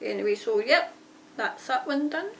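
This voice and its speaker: A woman's voice: on the high side, expressive, normal speed, gravelly, a little hiss or hum. A woman chatting casually about her writing, rambling and often correcting herself mid-sentence. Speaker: aspiring author answering a tag. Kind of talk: casual chat. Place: home near a railway line. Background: trains passing.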